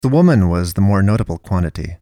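A man narrating a dark story in a steady, measured way, voicing the characters' lines as he reads. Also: low-pitched, no room sound, studio quality. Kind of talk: audiobook-style story narration.

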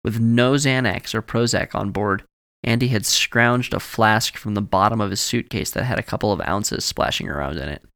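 A man reading a novel aloud as audiobook narrator, telling the story in a measured way and voicing each character. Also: lowish voice, creaky, a bit bright, dry recording, clean studio sound. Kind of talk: scripted narration.

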